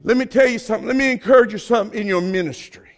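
A man's voice: high voice, rapid-fire. A man with a Southern accent preaching a sermon as a pastor, folksy and fervent, stretching out words at his emphatic peaks. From Southern United States.

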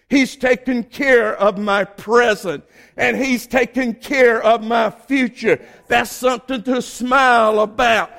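High-voiced Southern preacher man. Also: gravelly, fairly bright tone. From Southern United States. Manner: fervent, folksy preaching with emphatic drawn-out peaks. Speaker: pastor. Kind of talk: sermon.

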